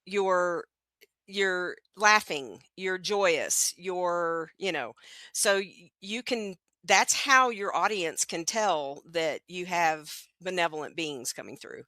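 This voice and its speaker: Woman guest channeler, bright dry voice, a bit low, earnest. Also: slow, dry recording. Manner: earnest and affirming. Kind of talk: casual live chat. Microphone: video call mic.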